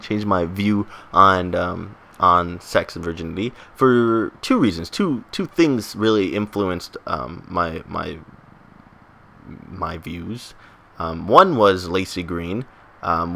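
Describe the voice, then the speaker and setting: Young male vlogger, bright lowish voice, joking and self-mocking, loose rambling delivery. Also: unhurried, vocal fry. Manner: joking, self-mocking, many fillers and restarts. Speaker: gaming vlogger. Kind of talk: casual rambling monologue to viewers.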